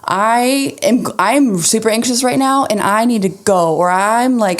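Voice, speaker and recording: A woman's voice: fairly high pitch, moderate pace, few pauses. A woman in her thirties co-hosting a podcast, talking candidly in a rambling, chatty way. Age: 30s. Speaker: podcast co-host. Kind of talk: casual chat.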